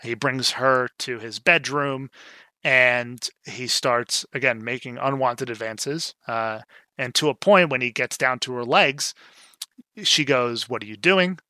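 A man's voice: mid-range voice, steady tone, slow, pushed and bright, no room sound. A young man casually recapping a film scene, chatty and rambling with lots of fillers and acted-out quotes. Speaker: film discussion co-host.

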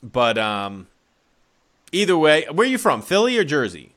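A man's voice: a little high, huge pitch swings, normal speed, a bit bright. A man hosting a golf podcast, teasing his callers in loose, joking chat. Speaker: podcast host. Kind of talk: casual comedic podcast talk.

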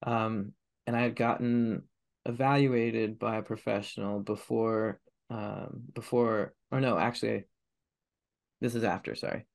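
A man's voice: on the low side, level tone, unhurried, creaky. A man in his thirties telling his personal story as a podcast guest, candid and confessional, swearing heavily. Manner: heavy swearing, raw and confessional.

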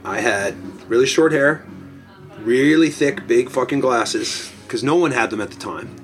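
Picture a middle-aged man in his element, spinning long stories. He swears freely, talks in an animated rush and acts out the voices of the people in his tale. His pitch sits in the ordinary middle for a man. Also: a little slow, soft background music. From Toronto, Canada. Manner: profane, animated, acts out quotes. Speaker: guest, punk singer. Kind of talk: casual storytelling.

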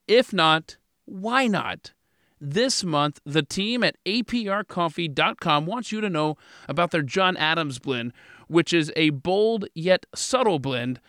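A man's voice: high-pitched, sharp tone, no room sound, clean studio sound. A man hosting a podcast interview and reading an ad, joking about his own slips. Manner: self-deprecating, laughs at own slips. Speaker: podcast host.

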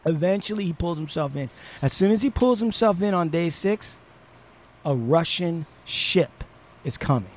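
A man hosting a podcast, retelling a story in a casual, profane, animated way. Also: a little high, moderate pace. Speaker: podcast host.

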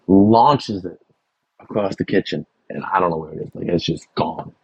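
A young man from Texas, a chef, telling a lively kitchen story in casual chat with many fillers and acted-out quotes. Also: sits low, moderate pace, breathy edge, lo-fi sound. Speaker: chef guest.

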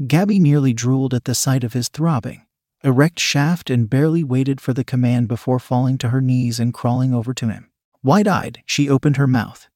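A man narrating an adult story in an even, steady reading voice. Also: mid-range voice, no room sound, clean studio sound.

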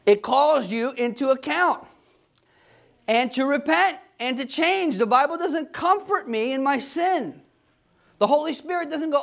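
A preacher delivers his sermon in an emphatic way, his voice rising to shouts at its peaks. His voice sits high for a man and carries a gravelly edge. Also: lively intonation, measured pace.

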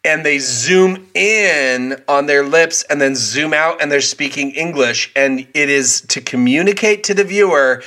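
A man's voice: a little high, a little slow, few pauses, bright, forceful tone. A man co-hosting a casual movie podcast, arguing his point with teasing and frequent laughter. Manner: argumentative, teasing, laughs often. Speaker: podcast co-host.

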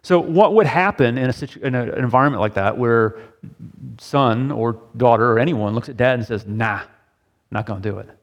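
A middle-aged pastor leads a sermon discussion in a brisk, mid-range voice, speaking casually and often checking in with "right?" as he poses questions to the group. A long hall reverb surrounds the recording.

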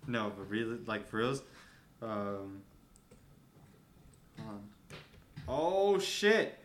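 A man's voice: lowish voice, little pitch movement, takes it slowly, fairly bright tone. A man from California with a Californian accent, chatting casually at home, joking, swearing loosely and playfully mimicking words. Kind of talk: casual chat. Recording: noisy home recording.

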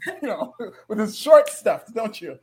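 A man's voice: high-pitched, moderate pace, husky. A man co-hosting a podcast, chatting animatedly and joking. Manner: animated, joking, laughs often. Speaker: podcast co-host. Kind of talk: casual wrestling chat.

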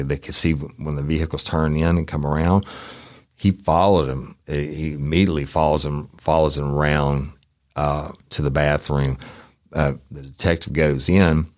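A man's voice: extremely low pitch, a little mellow, dry recording, studio quality. A middle-aged man, a former detective hosting a podcast, telling stories in a rambling, profane, folksy way. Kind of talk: casual storytelling.

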